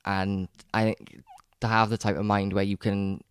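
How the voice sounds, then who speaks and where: A man's voice: lowish voice, flat delivery, normal speed, smooth, dry recording, studio quality. A man co-hosting a podcast, chatting casually and enthusiastically about films, often restarting his sentences. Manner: rambling, enthusiastic, frequent restarts and stammers. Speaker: podcast co-host.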